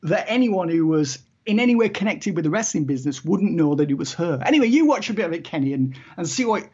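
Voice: medium pitch, very animated, fast, darkish tone, breathy edge, muffled recording. A podcast co-host in casual chat, wry and opinionated, laughing often.

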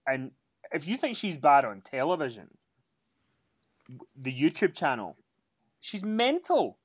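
A man co-hosting a podcast, animated and prompting his partner with questions. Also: mid-range voice, measured pace, slightly rough, no room sound, studio quality. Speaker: podcast co-host. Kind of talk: casual chat.

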